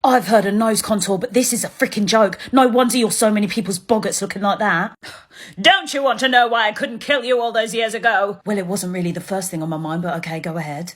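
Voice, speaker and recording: A young woman performing a comedic sketch, sarcastic and sassy, firing off quick comebacks. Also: mid-range voice, a bit bright. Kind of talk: comedic sketch with snappy insults.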